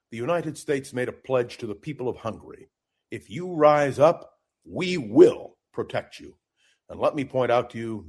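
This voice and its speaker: Male political commentator, talk-radio guest, fervent and declamatory, mid-range voice. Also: mid-range voice. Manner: impassioned, emphatic, speechmaking.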